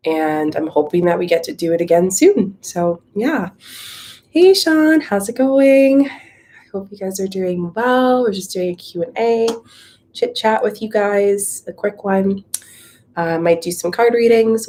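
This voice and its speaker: A woman's voice: medium pitch, warm tone, a little hiss or hum. A woman hosting a live Q&A and chatting casually with viewers, out of breath, greeting them by name, with many likes and ums. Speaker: spiritual coach hosting a live Q&A. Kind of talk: casual livestream chat.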